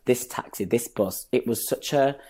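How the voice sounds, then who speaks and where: Lively young man. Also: mid-range voice, moderate pace, breathy edge. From northern England. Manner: animated, acts out quoted voices, laughs often. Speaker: guest, stage performer. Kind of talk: casual interview storytelling.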